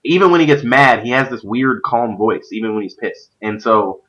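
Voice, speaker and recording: On a muffled recording, a man with a mid-range voice talks at a moderate pace while hosting a stream. He's a youth pastor too, and his casual esports chat is animated and rambling, with many fillers.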